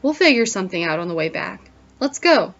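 A woman's voice: medium pitch, sing-song, a little fast, a bit bright. A woman voicing an earnest, kind-hearted female leafcutter ant, on a dull lo-fi recording. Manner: earnest, blurting.

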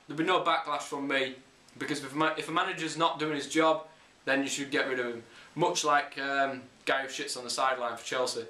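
A man's voice: mid-range voice, fairly even intonation, fairly quick, sharp tone. Sweary English man ranting about football. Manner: blunt and sweary, opinionated. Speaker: football vlogger. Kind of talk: casual ranting monologue. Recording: echoey room.

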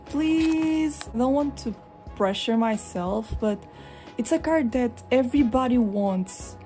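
Soft music plays behind a slow-talking young vlogger from Europe as she casually shows her collection in a hot room at home, a fan whirring nearby. Mellow-voiced and expressive, she rambles and breaks into lively high-pitched retellings.

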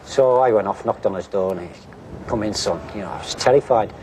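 A man's voice: lowish voice, fairly quick, dark tone. An older man, a former footballer, telling a story in a wry, anecdotal interview style. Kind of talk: reminiscing interview. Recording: noisy recording.

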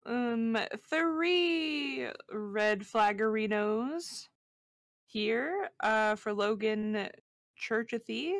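A woman co-hosts a casual book chat in a slow, unhurried way, her voice sitting a little high. She is giggly and playful, drops goofy slang and mangles names for fun. The sound is dry and close. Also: lively intonation, no room sound. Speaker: podcast co-host.

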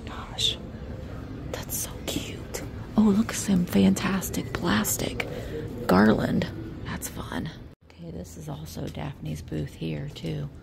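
A woman's voice: low voice, takes it slowly, vocal fry. A woman with an American Midwestern accent vlogging as she shops an antique mall, gushing over finds and often dropping to a whisper. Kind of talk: casual shopping vlog commentary.

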